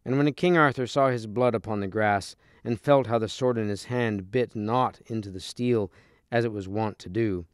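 A man reads a storybook aloud in a lowish, smooth and clear voice. His narration is steady and even, recorded close and dry with no room sound. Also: moderate pace, no room sound. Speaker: reader. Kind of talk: storybook reading.

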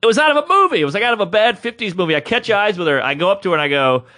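Male podcast co-host; lively, swooping delivery, casual comic storyteller. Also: high voice, racing. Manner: animated, acts out quoted voices.

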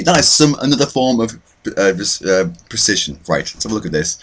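A man's voice: on the low side, very animated, fairly quick, fairly bright tone, a little hiss or hum. A young man hosting a let's play, commentating his own matches with self-mocking, mock-boastful trash talk. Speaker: gaming channel host.

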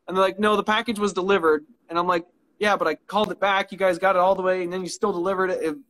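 A high-pitched man chatting in a casual interview. He rambles through his stories, swearing freely and laughing often, heard through a phone on a live stream. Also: flat delivery, fast, fairly bright tone, slight background noise. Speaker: guest knife maker.

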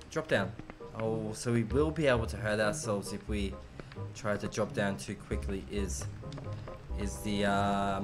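A man streaming a video game, giving casual, joking commentary and talking back to the characters. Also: on the low side. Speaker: let's play streamer. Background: game music.

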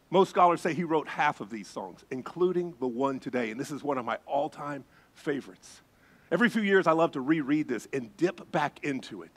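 A middle-aged man, a pastor, preaching a sermon with animated storytelling. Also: fairly high pitch. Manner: animated storytelling, acts out voices.

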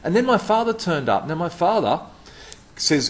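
A man's voice: fairly high pitch, sing-song, normal speed. A middle-aged man giving a punchy, emphatic talk to camera about customer service, repeating words for stress.

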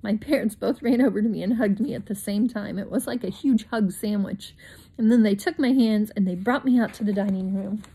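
Lady doing storytime read-aloud for kids, mellow soft voice, lively jumps up in pitch on the exciting bits, little asides to the listeners. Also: brisk, slightly rough. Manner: expressive, with bright leaps in pitch on exciting words; chatty asides to young listeners. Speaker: storyteller reading a children's book aloud.

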